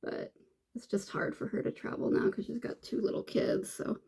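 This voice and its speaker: A woman's voice: fairly high pitch, steady tone, moderate pace, creaky, warm tone, breathy edge. A woman vlogger chatting casually and rambling while she does her makeup, with many fillers and restarts. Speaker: beauty vlogger.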